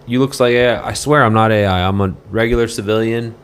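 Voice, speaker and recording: A man chatting casually on a livestream from a motel room, rambling and halting as he reads viewer comments aloud. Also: lowish voice, fairly even intonation, slight background noise.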